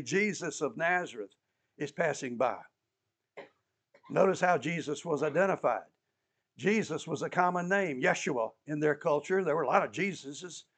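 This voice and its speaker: A man's voice: a little high, fairly bright tone. A man preaching a sermon as an emphatic storyteller who repeats key phrases and adds touches of humor.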